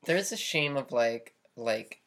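A woman on a casual podcast chat, blunt and joking, quick to agree. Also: rumbling low, expressive, a bit bright.

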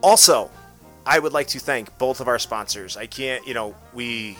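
A man's voice: mid-range voice, moderate pace, pushed and bright, soft background music. A man hosting a casual podcast, chatty and full of restarts as he wraps up the show. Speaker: podcast host.

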